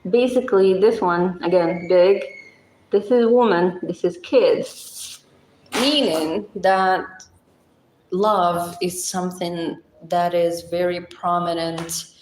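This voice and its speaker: A woman's voice: lowish voice, steady tone, slow pace, darkish tone, slight background noise. A woman hosting a casual livestream, chatting with viewers and rambling through simple language explanations with plenty of fillers. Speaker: livestream host. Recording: echoey room.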